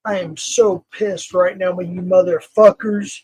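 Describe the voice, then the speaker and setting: A man hosting a livestream, ranting and swearing with loud outbursts that drop to near mutters. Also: sits high, unhurried, husky, rough recording. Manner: swearing, shouting in bursts, then dropping quiet. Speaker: livestream host. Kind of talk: angry livestream rant.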